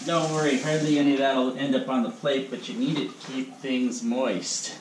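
A man's voice: medium pitch, steady tone, moderate pace. Chatty man in an echoey kitchen. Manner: rambling and chatty, with asides and laughs. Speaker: cooking channel host. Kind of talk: casual cooking vlog. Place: home kitchen. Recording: echoey kitchen with faint room noise.

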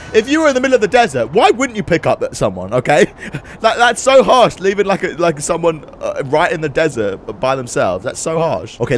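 A young man narrates his gameplay in a rush of exclamations and curses. His pitch swings dramatically and sits on the higher side. A faint background hum runs under the recording. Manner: excitable, swears, mock accents. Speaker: gaming YouTuber. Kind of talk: let's play commentary.

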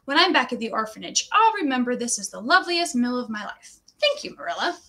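A woman's voice: a little high, big pitch swings, fast talker, sharp tone, exaggerated voice. A woman voicing a dramatic, imaginative young orphan girl who gushes breathlessly. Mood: grateful.

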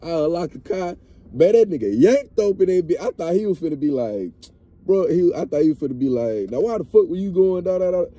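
A young man, telling a story to friends in a car in an animated, profane, laughing way. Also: sits high, a little fast. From Mississippi, US. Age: young adult. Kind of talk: casual storytime among friends.

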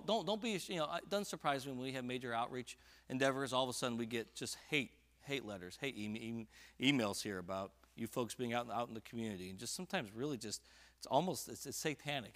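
A man preaching at a church prayer service, reading scripture aloud and rising to loud, fervent emphasis on key lines. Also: medium pitch. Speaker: pastor. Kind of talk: sermon. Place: church sanctuary.

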